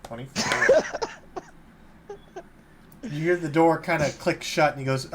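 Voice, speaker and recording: A man's voice: a little high, fairly even intonation, unhurried, fairly bright tone, a little hiss or hum. A man running a tabletop game as dungeon master, narrating in a laid-back way and chuckling as he goes.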